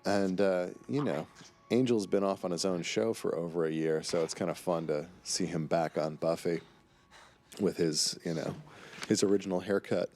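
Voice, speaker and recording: A man's voice: low-pitched, normal speed, a little mellow. A man giving casual DVD commentary on an episode he wrote, chatty and enthusiastic, with plenty of fillers.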